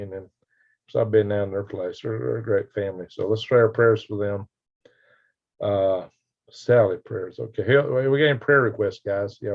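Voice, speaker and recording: Folksy guy chatting on a livestream, chuckles a lot, lowish voice, kinda dull audio. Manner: chuckling, folksy, reads viewer comments aloud. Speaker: livestream host reading chat. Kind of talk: casual live-stream chat.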